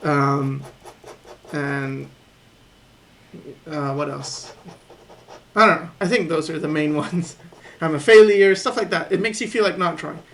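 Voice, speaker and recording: A man talks over his sketching in a calm, reflective way. He thinks aloud and reasons through each point as he draws. His tone stays encouraging and easygoing. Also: a little high, measured pace, creaky, pauses often, a little hiss or hum. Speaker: artist teaching drawing. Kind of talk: voice-over commentary while sketching.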